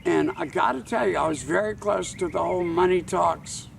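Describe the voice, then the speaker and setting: An older man, a tour guide and author, telling a wry, measured anecdote to camera outdoors. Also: high-pitched, vocal fry, far from the mic, slight background noise. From Charleston, South Carolina.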